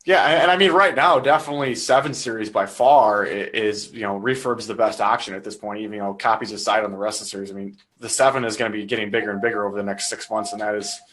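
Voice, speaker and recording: A man's voice: fairly low pitch, a bit bright. A man hosting a live stream and asking guests questions on a video call, with many fillers like "you know". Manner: quick, curious interviewer with filler words. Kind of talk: casual live-stream chat.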